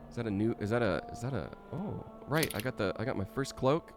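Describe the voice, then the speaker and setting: A man's voice: medium pitch, expressive, a little fast, hardly any pauses, faint music behind. Playful, giggly male game streamer. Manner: playful, giggly, joking to himself. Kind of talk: casual live-stream chatter.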